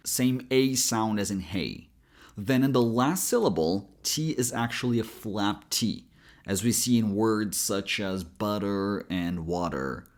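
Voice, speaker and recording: An American man coaching pronunciation, taking each word apart syllable by syllable. He talks slowly and with a lively, rising and falling pitch, spelling out sounds carefully for learners. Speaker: accent coach. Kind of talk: pronunciation lesson.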